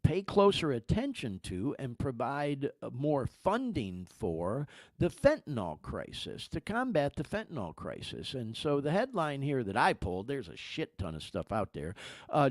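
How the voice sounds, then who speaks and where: A man's voice: mid-range voice, huge pitch swings, normal speed, dry recording. A man hosting a podcast in casual talk, emphatic and swearing, calling listeners "y'all". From California. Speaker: podcast host.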